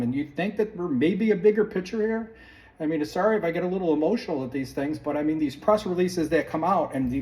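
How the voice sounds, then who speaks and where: A man's voice: on the high side, darkish tone. A man hosting a podcast, delivering a heated, sarcastic opinion monologue full of restarts. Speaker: podcast host. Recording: distant mic with faint room ambience.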